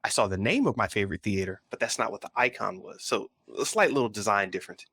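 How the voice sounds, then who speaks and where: A fairly low-pitched man talks quickly, a breathy edge to his voice, on a dry recording. He's a co-host on a pop culture podcast, rambling through a story in casual chat with an animated retelling.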